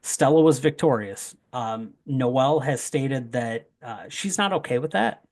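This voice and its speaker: A young man in casual conversation, drifting into rambling asides and quick jokes. His pitch sits in an ordinary middle range, and his talk is loose and full of fillers. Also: expressive, a little mellow. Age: young adult. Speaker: wrestling promoter guest. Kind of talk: casual podcast chat.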